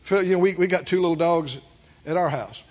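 A man preaching a sermon, calling on the congregation to answer, dropping to near whispers and rising to loud peaks. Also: fairly high pitch, brisk, dull audio. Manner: call-and-response preaching, swinging from hushed to loud. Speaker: pastor.

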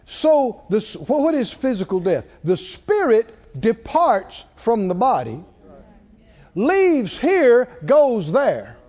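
A man preaching a sermon to a congregation, slow and measured, building up to shouted exclamations. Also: very high voice, huge pitch swings. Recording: dull lo-fi recording.

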